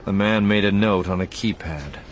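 A man's voice: lowish voice, moderate pace, slight background noise. A man narrating an audiobook expressively, voicing the character lines too.

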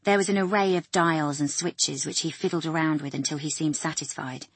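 Husky-voiced woman narrating an audiobook. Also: sits low, steady tone, a little fast, dry recording.

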